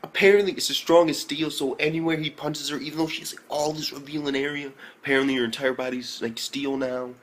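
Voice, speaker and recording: A young man giving a casual, profane, excitable recap of an anime episode, often breaking into high exclamations. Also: quick pace, few pauses. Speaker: anime reviewer.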